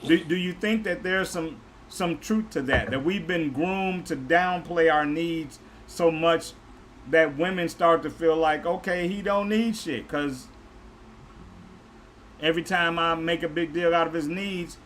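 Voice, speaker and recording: Male podcast host, higher voice, upbeat and conversational, faint noise behind him. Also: unhurried, a bit bright. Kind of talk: casual chat.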